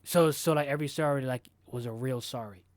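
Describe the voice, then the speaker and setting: Measured male co-host, dry close sound. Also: mid-range voice, no room sound. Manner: measured, questioning, clears throat often. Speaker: podcast co-host. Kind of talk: casual chat.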